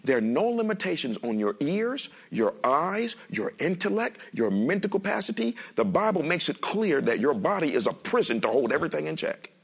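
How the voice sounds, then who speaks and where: Animated preacher with a gravelly voice. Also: male voice, fairly high pitch, normal speed, few pauses. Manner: animated, joking, speaks with the congregation. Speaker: pastor. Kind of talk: sermon. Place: church sanctuary.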